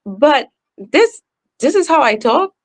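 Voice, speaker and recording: A woman with a Trinidadian accent, a guest on a podcast, talking slowly and emphatically in a casual interview. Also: high voice. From Trinidad and Tobago. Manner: animated, emphatic, talks slowly. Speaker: podcast guest, professional speaker.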